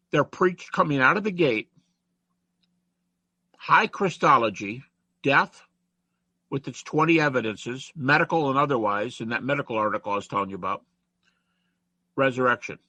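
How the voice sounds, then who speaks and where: A man giving an online lecture, animated and chatty, reciting rhymes and quotes as he teaches over a video call. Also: a little high, breathy edge, no room sound.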